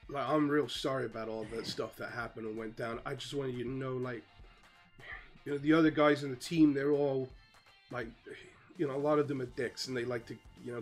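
A man plays an awkward teenage jock boy who hedges every sentence and mumbles in easy slang, sounding apologetic. The voice sits at an ordinary middle pitch, with faint music playing somewhere behind. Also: close to an everyday voice. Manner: mumbly, hedging, laid-back slang.

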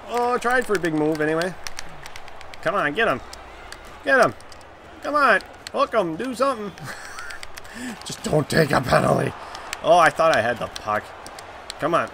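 A man's voice: sits high, fairly bright tone, a little hiss or hum. A man giving live commentary on his own video game, groaning and exclaiming as the plays go for and against him. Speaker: gaming YouTuber.

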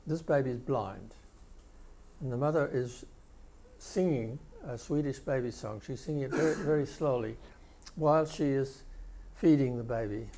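Older male keynote speaker, warm and mellow, explanatory lecture delivery. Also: mid-range voice, normal speed, slight background noise. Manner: explanatory, walks listeners through clips step by step. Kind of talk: conference lecture.

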